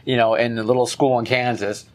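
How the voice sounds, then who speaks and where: A podcast co-host chatting casually about an old film, telling it in an animated way with many restarts. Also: medium pitch, brisk. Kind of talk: casual chat.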